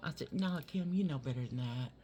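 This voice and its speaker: A man chatting casually to his viewers while doing his makeup. He swears freely and drops into soft whispers as he works. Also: medium pitch, normal speed. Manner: chatty and profane, talks straight to viewers. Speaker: makeup vlogger. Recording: steady background noise.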